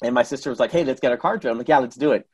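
A man in casual conversation telling an animated story, acting out the people in it. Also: medium pitch, rapid-fire, breathy edge. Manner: animated, acts out voices in anecdotes. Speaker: guest.

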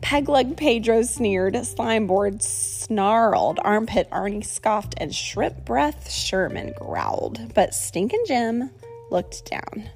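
Animated woman reading a children's story. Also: a little high, slow pace, gravelly, soft background music. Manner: animated, expressive. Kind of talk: children's story read aloud.

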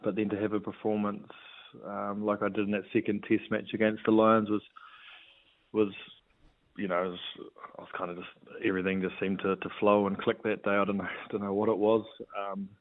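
A man, a retired rugby player talking as a guest in a laid-back, halting way. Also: lowish voice, little pitch movement. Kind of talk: casual interview chat. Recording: tinny phone-like line.

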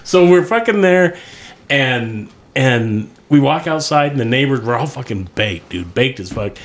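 Animated swearing storyteller man. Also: mid-range voice, measured pace. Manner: animated, swears constantly, laughs mid-story. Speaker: podcast co-host. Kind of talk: casual storytelling chat.

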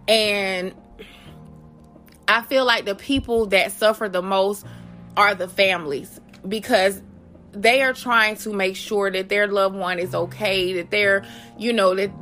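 Bright-voiced woman hosting a podcast. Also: medium pitch. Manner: earnest, conversational, reads statistics aloud with restarts. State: has the hiccups. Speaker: podcast host. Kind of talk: solo podcast commentary.

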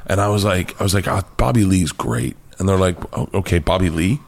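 Profane, animated American man telling stories. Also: low-pitched, fairly quick, vocal fry, slight background noise. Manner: animated, profane, acts out quoted voices. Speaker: comedian guest. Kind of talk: storytelling interview chat.

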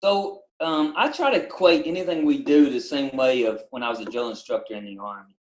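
A middle-aged man with a Southern country accent talks through a casual interview, stopping and restarting his words often. His voice sits at an ordinary middle pitch. The room gives it a noticeably echoey, roomy sound. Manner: halting, repeats words, many fillers. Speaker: basketball coach and former Army drill instructor.

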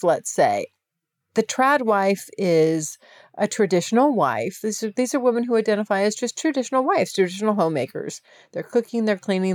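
A chatty woman hosting her podcast solo, speaking frankly and laughing easily. Her voice sits in a middle pitch range. It is recorded close on a mic with a dry sound and no room echo. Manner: chatty and candid, with laughs and swearing. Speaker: podcast host. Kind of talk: casual solo podcast monologue.

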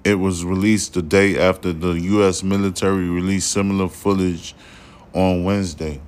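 A man's voice: low voice, steady tone, moderate pace, darkish tone, smooth. A man hosting a podcast, ranting casually with heavy swearing and slightly slurred, tipsy speech. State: slightly drunk. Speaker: podcast host. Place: studio room behind glass.

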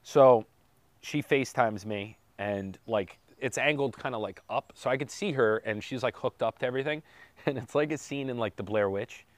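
Recorded dry, this man speaks in a mid-range voice at normal speed while telling a podcast audience about his daughter's birth. The tale wanders, with jokes, self-corrections and light laughs.

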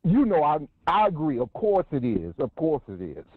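Male call-in sports analyst, slightly high voice, energetic, heard over a thin dry phone line. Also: moderate pace, slightly rough, dry recording. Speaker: guest analyst calling in.

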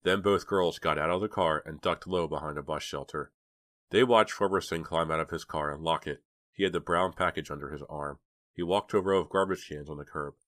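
Deep-voiced man reading a story. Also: brisk, fairly bright tone, dry recording, studio quality. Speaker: audiobook reader. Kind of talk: audiobook narration.

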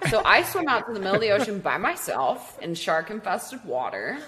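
Young woman at mid pitch, chatty storyteller, swears a lot, says like constantly. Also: big pitch swings, brisk, few pauses, a bit bright. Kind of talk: casual chat.

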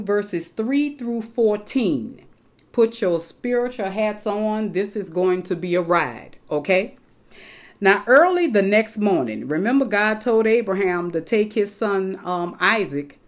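A woman preaching to her congregation in an animated, conversational way. She reads scripture aloud and breaks off to explain it. Her voice sits at an ordinary middle pitch for a woman. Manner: animated, addresses congregation directly, casual asides. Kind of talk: sermon with scripture reading.

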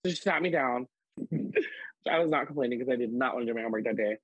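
Husky-voiced man telling animated stories. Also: mid-range voice, fast talker, no echo, highs cut off. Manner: animated, filler-heavy storytelling with many "like"s. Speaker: podcast guest, drag performer. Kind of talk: casual storytelling chat.

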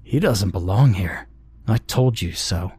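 A sinister train conductor with eyes that flash black gives cold, clipped orders, as a man reads him. The voice sits low and husky. It is slow and deliberate. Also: animated, mellow, no room sound, full character voice. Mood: stern. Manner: cold, commanding.

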